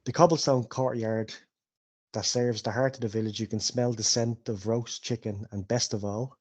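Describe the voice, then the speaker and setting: A man, narrating and running a tabletop game as game master in a relaxed, descriptive, jokey way. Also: medium pitch, moderate pace, slightly rough.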